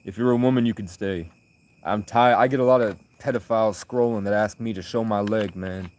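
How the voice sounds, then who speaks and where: A man from the United States chatting on a late-night livestream, rambling through stories and reading out his chat, with loud bursts of laughter. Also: fairly low pitch, fairly even intonation, a little fast.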